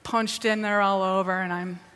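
A woman from the Midwest tells stories to a crowd with animated energy. Her voice is bright and sharp. The sound rings with the long reverb of a large hall. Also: mid-range voice, normal speed, clean tone. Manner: lively, animated storyteller. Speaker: speaker at a ministry event. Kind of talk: storytelling talk to an audience.

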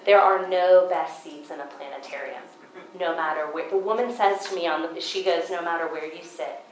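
A woman giving a Christian seminar talk at a conference. She tells stories in an animated way and acts out her own past thoughts. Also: medium pitch, brisk, reverberant, low-quality recording. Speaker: conference speaker.

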